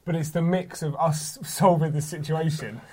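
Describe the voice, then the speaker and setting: A man's voice: fairly high pitch, steady tone, normal speed, mellow. A young man recounting a night out, reading old texts aloud and laughing as he goes. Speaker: podcast co-host. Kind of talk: storytelling banter.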